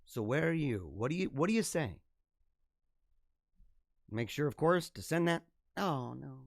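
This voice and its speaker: A man hosting his own livestream show, signing off in an energetic, rambling, chatty way, his voice a little hoarse. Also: on the high side, moderate pace, no room sound, studio quality. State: slightly hoarse. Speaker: podcast host. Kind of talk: casual livestream sign-off.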